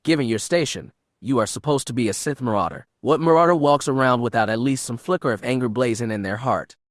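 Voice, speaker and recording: A man voicing a scheming female Sith dark lord in an audiobook, purring and taunting. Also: mid-range voice, quick pace, no echo, studio quality, natural voice.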